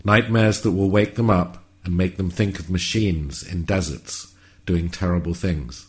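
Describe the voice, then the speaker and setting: A man narrating a whimsical story in a calm, measured, wry way. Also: low voice.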